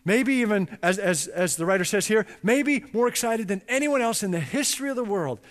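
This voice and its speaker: A man preaching a sermon, emphatic and animated, with chatty asides. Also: high voice, brisk. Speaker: pastor. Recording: long reverb in a large hall.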